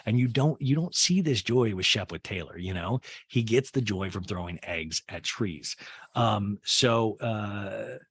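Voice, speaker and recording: Excitable rambling man recapping TV. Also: fairly low pitch, unhurried, husky, no room sound. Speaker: recap show host. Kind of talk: comedic TV recap.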